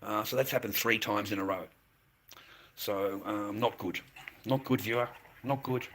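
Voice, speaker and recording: A man's voice: on the low side, steady tone, a little slow, a bit bright, rough recording. A middle-aged man ranting crudely on a livestream, swearing constantly and taunting viewers. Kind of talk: profane livestream rant.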